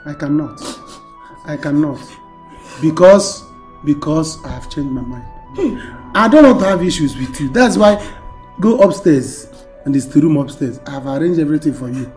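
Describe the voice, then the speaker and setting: Stubborn man, an actor playing him, firm and dismissive, a bit high, music under it. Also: normal speed, pauses often, a little mellow, lightly acted. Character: stubborn man refusing a marriage. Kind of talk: film drama acting.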